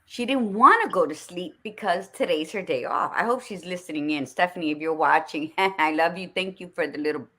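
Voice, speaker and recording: Blunt, bright-voiced woman podcast host. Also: lowish voice, fairly quick, hardly any pauses. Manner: blunt, swears freely, animated storytelling. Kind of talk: casual conversation.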